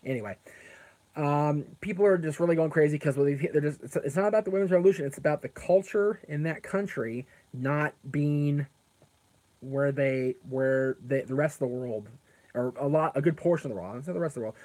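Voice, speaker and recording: A man's voice: on the high side, a little fast, darkish tone. A man hosting a casual live stream who rambles, answers chat comments aloud, and often stops to correct himself with plenty of fillers. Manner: frequent fillers and self-corrections.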